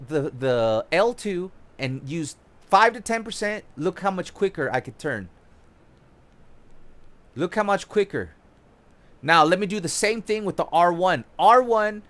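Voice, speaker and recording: Young guy with a high voice hyped up explaining game moves as he plays, swears a bit. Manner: excited, profane, demonstrating moves as he plays. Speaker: gaming YouTuber. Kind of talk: casual gameplay tutorial commentary.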